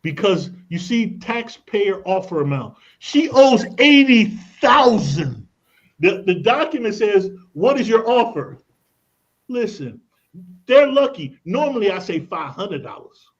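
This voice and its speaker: Male radio guest expert with a high-pitched voice; pushy, persuasive delivery peppered with slang, heard on a muffled broadcast. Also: big pitch swings, measured pace, darkish tone, husky. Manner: emphatic, persuasive, casual slang. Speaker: credit and tax expert guest. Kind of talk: radio talk show guest explaining. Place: radio studio.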